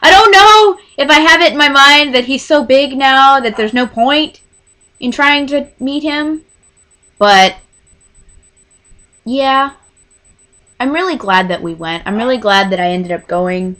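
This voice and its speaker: A woman in her twenties telling a rambling, excitable storytime to camera in casual chat. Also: high voice, a little slow, pauses often. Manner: rambling, excitable, gushing fan. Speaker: vlogger.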